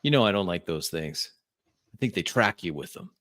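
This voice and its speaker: A man voicing a gruff but friendly old truck owner who talks in an easygoing, folksy way. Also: low voice, very animated, brisk, a bit bright, dry recording, clean studio sound.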